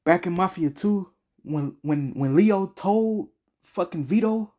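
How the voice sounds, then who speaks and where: A man's voice: high-pitched, expressive, slow pace, noisy background. A man giving a casual game review, slangy and profane, rambling with frequent restarts.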